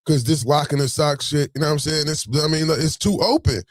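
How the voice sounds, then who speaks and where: A man telling a story in a casual, animated, streetwise way, swearing freely. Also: fairly high pitch, a little fast, no room sound, studio quality.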